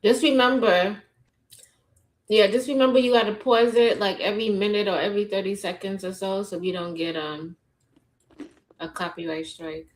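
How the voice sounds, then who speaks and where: A woman's voice: medium pitch, steady tone, normal speed, poor audio. Offhand woman co-hosting a stream. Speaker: stream co-host. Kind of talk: casual chat reacting to a video.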